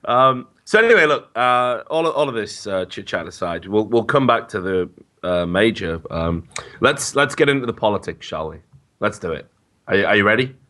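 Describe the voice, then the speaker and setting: A man co-hosting a podcast, talking in a rambling way with stammered restarts and animated stories. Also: lowish voice, normal speed. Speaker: podcast co-host. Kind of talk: casual podcast chat.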